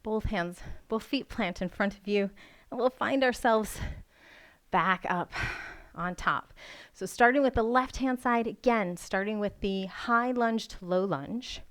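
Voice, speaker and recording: A woman's voice: mid-range voice, measured pace. A woman leading a home yoga workout, giving encouraging cues and counting reps aloud while exercising and breathing hard. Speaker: yoga instructor. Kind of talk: guided workout instruction. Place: home room.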